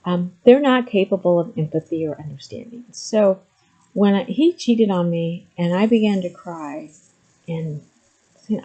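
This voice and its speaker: A middle-aged woman talks candidly to the camera in a relaxed, mellow voice. She hesitates with frequent ums, then presses her points emphatically. The recording sounds slightly muffled and lo-fi. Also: on the low side, measured pace. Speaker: vlogger sharing personal story. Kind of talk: candid personal talk to camera.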